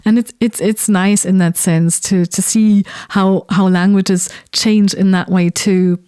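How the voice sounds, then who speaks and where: A woman's voice: mid-range voice, fairly even intonation, a little slow, mellow, smooth, no room sound, studio quality. A woman whose first language is German, co-hosting a linguistics podcast in thoughtful casual conversation, hedging with fillers and restarts.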